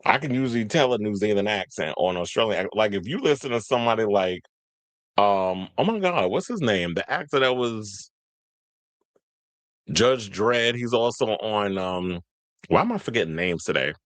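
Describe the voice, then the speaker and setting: With a fairly low, animated voice at a moderate pace, this man runs a casual entertainment news commentary show on a dry recording. He reads stories out, talks with viewers and the live chat, and rambles in slang, often losing his train of thought.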